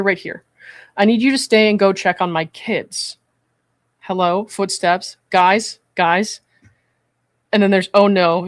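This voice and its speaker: A psychiatric evaluator hosting a commentary stream, reading a call transcript aloud and then explaining their view in a measured, earnest way. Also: mid-range voice, no echo. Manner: measured and earnest, often checking in with "right?".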